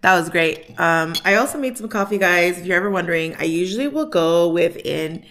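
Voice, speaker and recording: Female vlogger at home: rambling casual chat, low-ish pitch, bright forceful tone. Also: expressive, fairly quick. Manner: chatty, rambling, lots of "like" and "um". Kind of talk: casual vlog chat to camera. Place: at home in her kitchen.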